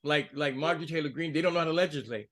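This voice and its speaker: Animated, heated male podcast co-host. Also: very fast. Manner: heated, rising pitch when angry. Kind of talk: casual political commentary.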